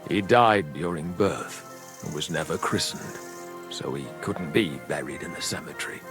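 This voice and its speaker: An actor voicing a middle-aged village father in a medieval game, slow and brooding, grieving and bitter with angry bursts. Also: a bass voice, over music. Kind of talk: voiced game dialogue.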